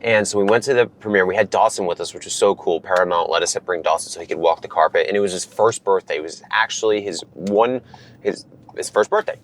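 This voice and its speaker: A man telling a story in casual conversation, animated and acting out what people said. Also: sits low, fast. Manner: animated, acts out quoted dialogue. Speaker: reality TV guest.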